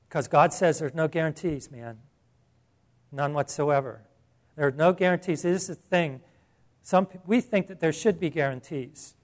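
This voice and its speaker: A man preaching a sermon in a conversational way, piling up rhetorical questions and rising in emphasis. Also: on the high side. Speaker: pastor.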